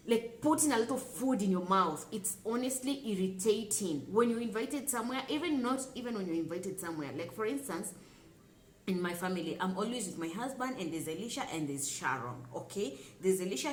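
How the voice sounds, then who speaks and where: A young Kenyan woman talking casually to camera as a lifestyle vlogger, emphatic and repetitive with lively asides. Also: mid-range voice. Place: home room with children nearby. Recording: echoey room with faint background noise.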